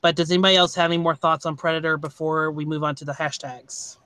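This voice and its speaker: A man hosting a podcast, talking casually about a movie in a rambling, halting way with many restarts. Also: on the high side, level tone, pushed and bright, smooth, no echo. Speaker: podcast host. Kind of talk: casual movie review chat.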